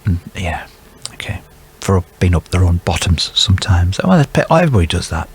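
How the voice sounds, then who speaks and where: A man's voice: deep voice, sing-song, moderate pace, breathy edge. A man hosting a quiz and reading out the answers in a jokey, chatty way, with playful asides. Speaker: quiz host for a care provider.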